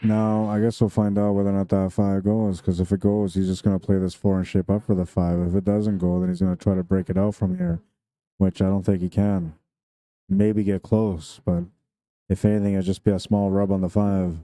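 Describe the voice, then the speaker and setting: A man calls a pool tournament on a live stream, mixing shot analysis with easygoing jokes and frequent laughs. His voice sits low and very dark, with a mellow weight. The sound is close and dry. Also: steady tone, a little fast, no echo. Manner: chatty, jokey, laughs often.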